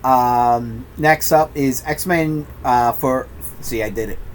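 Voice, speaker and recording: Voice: medium pitch, slow pace, a little hiss or hum. A podcast co-host reminiscing casually about old video games, laid-back, trailing off and swearing.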